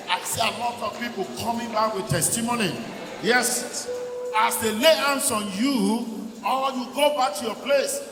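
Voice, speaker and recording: A Nigerian man preaching in a big church hall, his raised voice ringing back from the long reverb. He leads prayer with commanding, repetitive calls, over a clear murmur of the room. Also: high voice. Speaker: pastor. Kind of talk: sermon prayer leading. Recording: echoey hall with crowd noise.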